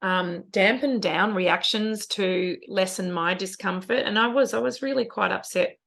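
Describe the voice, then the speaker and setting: Middle-aged woman on a podcast, earnest and emotional, a bit gravelly. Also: medium pitch, unhurried, a bit bright. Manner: earnest, emotional, spiritual wording. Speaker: podcast co-host. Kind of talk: casual reflective chat.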